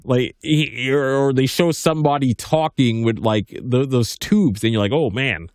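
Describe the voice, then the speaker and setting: A man's voice: mid-range voice, moderate pace, a little mellow, smooth, no echo, clean studio sound. A man in his thirties hosting a podcast, reading news aloud and breaking off into casual commentary full of restarts and "like". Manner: rambling, stammering restarts, heavy use of "like". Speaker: podcast host.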